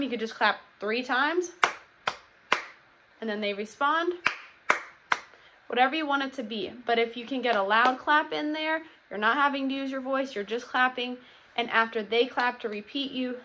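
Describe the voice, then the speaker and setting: A young woman preschool teacher explaining classroom routines to other teachers, upbeat and clear, now and then acting out the call-and-response chants she uses. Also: a little high, noisy background. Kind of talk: instructional talk to teachers.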